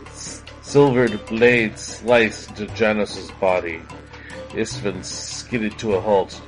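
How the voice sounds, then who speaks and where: A man reads dramatic fiction in a deep, unhurried voice. His delivery is measured and deliberate. Faint guitar music plays beneath him. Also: rough recording. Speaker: story reader. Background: soft guitar music.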